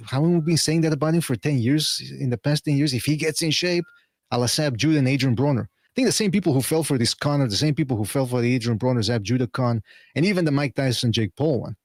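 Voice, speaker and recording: A man's voice: medium pitch, a little mellow, no room sound. Sardonic man with a dry close mic. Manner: rambling, sardonic, blunt opinions. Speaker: podcast co-host, boxing pundit. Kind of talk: casual opinionated commentary.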